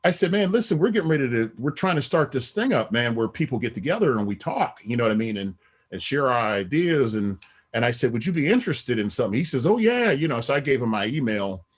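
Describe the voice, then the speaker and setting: A man's voice: medium pitch, lively intonation, fast talker, husky. A middle-aged man, a podcast guest, talking in a rambling casual way with many "you know what I mean" asides. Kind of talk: casual interview talk.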